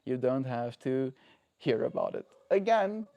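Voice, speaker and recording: A man's voice: medium pitch, animated, a little slow, warm tone, muffled recording. A man talking earnestly and reflectively on a daily livestream, often checking in with the listener. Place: home.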